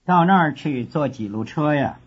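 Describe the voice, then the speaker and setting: A man's voice: on the high side, animated, husky. A man playing a student asking the way. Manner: slow, careful drill delivery. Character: young male foreign student asking directions. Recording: dull lo-fi course tape.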